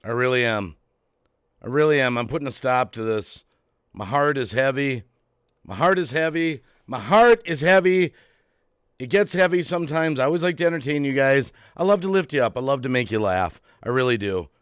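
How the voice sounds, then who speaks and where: A man hosting his own channel's live stream, agitated and worked up, repeating phrases and swinging between quiet and loud. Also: medium pitch, animated, fairly quick, clear, resonant tone, no room sound, clean studio sound. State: agitated, heart racing. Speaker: YouTube channel host. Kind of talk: emotional live-stream rant.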